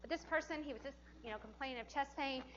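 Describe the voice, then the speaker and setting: A woman's voice: high-pitched, quick pace, dull audio. A woman teaching a hands-on CPR class in a training room, chatty and encouraging, often laughing as she talks. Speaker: CPR instructor.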